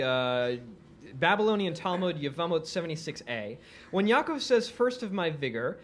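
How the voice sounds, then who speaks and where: A man with a high, bouncy voice hosts a live comedy podcast from a bar stage, laughing as he goes. Faint room noise sits under him. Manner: laughs often between remarks. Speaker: podcast host.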